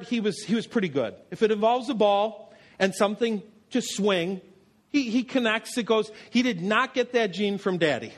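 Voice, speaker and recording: A man preaching a sermon as pastor, telling anecdotes with self-deprecating humor in a church. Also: sits high.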